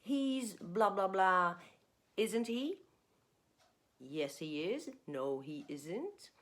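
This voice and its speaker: Lively, slow-paced woman teaching English. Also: fairly low pitch. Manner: expressive, plays with intonation, checks in with "okay?". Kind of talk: online grammar lesson.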